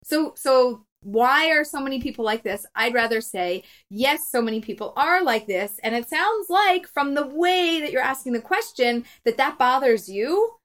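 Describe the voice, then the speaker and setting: A middle-aged woman co-hosting a casual podcast as a matchmaker, chatty and quick to laugh, acting out quotes as she talks. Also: high-pitched, animated, fairly bright tone.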